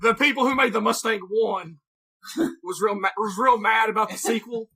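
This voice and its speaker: A man's voice: sits high, normal speed, bright, forceful tone, husky, poor audio. A man co-hosting a podcast, joking around, laughing a lot and stammering through restarts. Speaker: podcast co-host. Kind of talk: casual chat.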